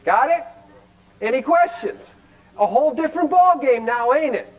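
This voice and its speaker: Man, very high voice, folksy, blunt, workshop speaker, quizzes the crowd. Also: animated, moderate pace, lo-fi sound. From Cleveland, Ohio, United States. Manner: folksy, blunt, quizzes the audience with rhetorical questions. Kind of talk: folksy recovery workshop talk to a live audience.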